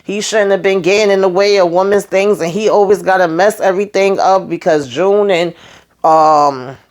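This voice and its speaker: Speaking at a normal pace in a mid-range voice, this TV recapper runs through an episode in an easygoing, talkative way. She animates each scene as she retells it and keeps calling listeners "honey" and "child."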